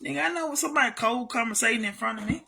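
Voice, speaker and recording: A woman's voice: a little high, rapid-fire, gravelly, background noise. A woman telling a story to her camera in a casual monologue, blunt and heavily profane, repeating herself for emphasis. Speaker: vlogger.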